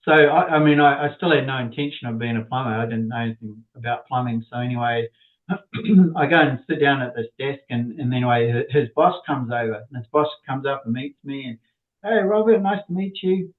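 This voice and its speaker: Middle-aged male guest, casual rambling storyteller, mid-pitched, heard down a tinny phone line. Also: a little fast, roomy sound. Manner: rambling, repeats words, acts out quoted people. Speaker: interview guest.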